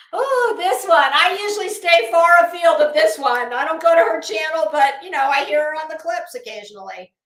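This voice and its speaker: A woman's voice: sits high, lively intonation, normal speed, roomy sound. A woman hosting a casual live commentary stream, chatting with viewers in a gossipy, sarcastic way and laughing often. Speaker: YouTube commentary host.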